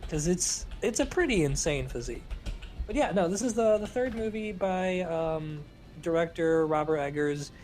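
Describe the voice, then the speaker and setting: A man's voice: fairly high pitch, lively intonation, normal speed, a little mellow, soft background music. A man with a New Jersey accent co-hosting a podcast in casual chat, joking and swearing freely. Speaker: podcast co-host.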